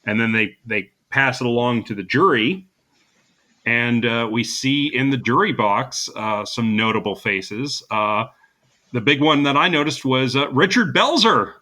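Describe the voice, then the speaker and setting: A man's voice: mid-range voice, animated, unhurried, bright, forceful tone. A man co-hosting a casual podcast, chatting with plenty of fillers and easy laughs. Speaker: podcast co-host.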